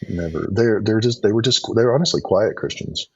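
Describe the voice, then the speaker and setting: A man's voice: on the low side, expressive, brisk, creaky, husky. A middle-aged man telling a personal faith story in conversation, earnest, with frequent restarts and ums. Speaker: podcast guest. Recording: dull lo-fi sound.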